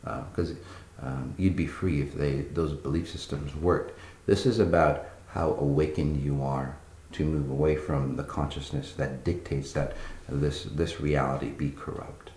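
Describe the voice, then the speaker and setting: A man's voice: very deep voice, fairly even intonation, unhurried, darkish tone, roomy sound, a little hiss or hum. A man giving a spiritual meditation talk, blunt and profane, with many fillers and restarts between breathing cues. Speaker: spiritual teacher.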